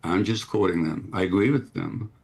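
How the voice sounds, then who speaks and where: A man's voice: sits low, normal speed, husky. A man answering as a television interview guest, pointed and insistent, asking repeated rhetorical questions.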